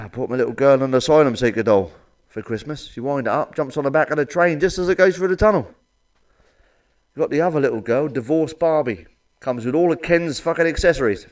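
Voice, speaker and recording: A middle-aged man doing blunt, crude stand-up one-liners with a deadpan delivery and plenty of swearing. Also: mid-range voice, recorded from a distance. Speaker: stand-up comedian.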